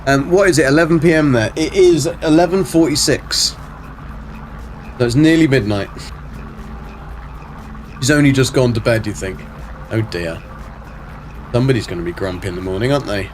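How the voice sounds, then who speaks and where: A man's voice: mid-range voice, moderate pace, long pauses, slight background noise. Chatty man streaming a game. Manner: chatty, answers chat and mutters to himself while playing. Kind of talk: casual live game stream.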